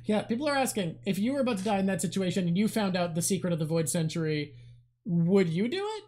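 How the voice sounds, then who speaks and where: A woman co-hosting a casual chat, relaxed, prompting questions and joking along. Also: mid-range voice, fast talker.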